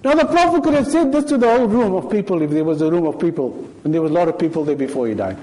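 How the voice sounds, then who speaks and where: A man's voice: high voice, animated, very fast, a little mellow, low-quality recording. A man with a South African accent giving a sermon in a mosque, telling stories and asking rhetorical questions. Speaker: preacher.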